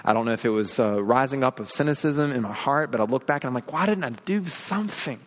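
A man's voice: medium pitch, fast. Earnest preaching man in a reverberant hall. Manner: earnest, confessional preaching with repeated phrases and rhetorical questions. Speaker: pastor. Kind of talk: sermon.

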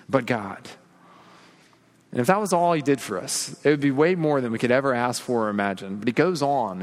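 Earnest preaching man in a reverberant hall. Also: fairly high pitch. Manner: earnest, confessional preaching with repeated phrases and rhetorical questions. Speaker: pastor. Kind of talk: sermon.

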